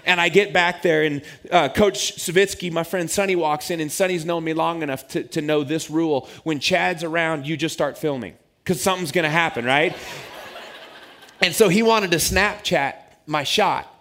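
A man in his forties preaches in a fairly high voice. He tells a story with lively, self-mocking humor, as a pastor talking to his congregation. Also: moderate pace.

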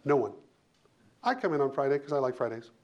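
Man, HR leader, panel guest; mid-pitched, punchy and emphatic. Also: lively intonation, quick pace, muffled recording. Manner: emphatic, punchy short phrases with repetition.

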